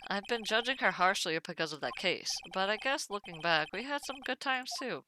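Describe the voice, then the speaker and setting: A woman reading a quiet young lawyer. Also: mid-range voice, expressive, fairly quick, slight background noise, poor audio. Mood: musing. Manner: quiet, dry and musing. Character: mild young male lawyer.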